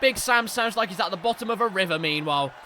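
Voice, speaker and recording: A man commentating live on a sim racing league race, hoarse from shouting, excitable and yelling at the big moments. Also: high-pitched, fast talker, slight background noise.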